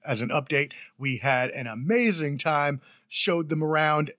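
High-voiced, playful podcast host man. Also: no echo. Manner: animated, playful, with sudden loud bursts and fast rambling runs. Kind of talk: casual sports podcast chat. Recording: dry, slightly muffled podcast mic.

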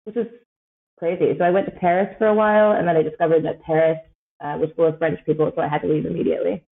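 This Canadian woman in her thirties talks fast in a low, creaky voice with fairly even intonation. She's a podcast guest rambling through a casual chat, full of fillers and frequent laughter, recorded over a tinny, phone-like line.

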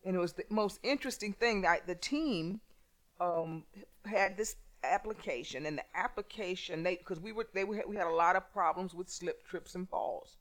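Halting, storytelling woman. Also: on the low side. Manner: halting, many restarts. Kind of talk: conversational storytelling.

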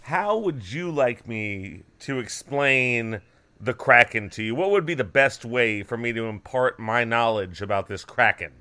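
A man's voice: mid-range voice, lively intonation, measured pace, sharp tone, clear, resonant tone. A man co-hosting a comedy podcast about monsters, teasing his co-host and telling stories in casual banter. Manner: teasing, storytelling, laughs easily.

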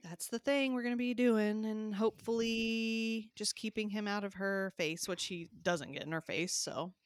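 A woman's voice: mid-range voice, steady tone, normal speed, smooth, dry recording, studio quality. A woman in her thirties co-hosting a podcast, chatting casually, laughing often and filling her talk with "like.". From American South. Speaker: podcast co-host. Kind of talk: casual chat.

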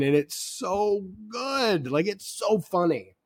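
A man's voice: high voice, very animated, slow, dry recording. A man co-hosting a casual film podcast, talking with rambling enthusiasm, full of fillers and casual swearing. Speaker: podcast co-host.

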